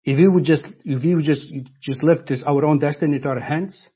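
Halting husky male bible teacher. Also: on the high side. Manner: halting, repeats words often, slows for emphasis. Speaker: preacher. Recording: dull lo-fi recording.

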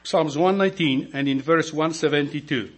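Male deacon, non-native English speaker, slightly raised pitch, slow emphatic sermon over a mains hum. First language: not English. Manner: slow, emphatic preaching with rhetorical questions to the congregation.

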